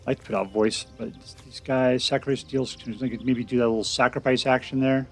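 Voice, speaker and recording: A man giving casual, chatty commentary on a card game he is playing, thinking out loud with restarts and bursts of excitement. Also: mid-range voice, fairly quick, faint music behind. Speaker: game streamer. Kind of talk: casual gameplay commentary and deck review.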